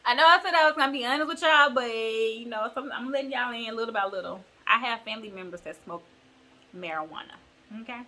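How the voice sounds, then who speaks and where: A woman's voice: fairly high pitch, fairly quick, bright, forceful tone, a little hiss or hum. A woman vlogger retelling a bible story in a chatty, slangy, digressive way.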